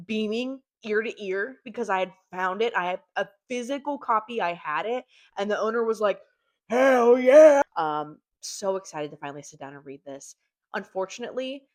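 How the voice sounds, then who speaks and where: A young woman reviewing books in an animated, chatty way, swearing casually. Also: a little high. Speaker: book reviewer. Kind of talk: casual chat.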